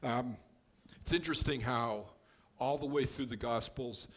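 A man of ordinary pitch walks his listeners through scripture in an easy, conversational teaching voice. He explains each verse plainly and drops in the odd offhand joke. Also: measured pace. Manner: relaxed and explanatory, with offhand joking asides. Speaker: Bible teacher.

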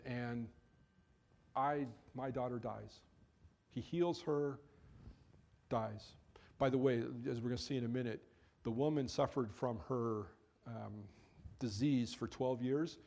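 A man's voice: mid-range voice, a little mellow. Man preaching a conversational sermon. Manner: conversational, acts out quoted figures. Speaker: pastor. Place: church.

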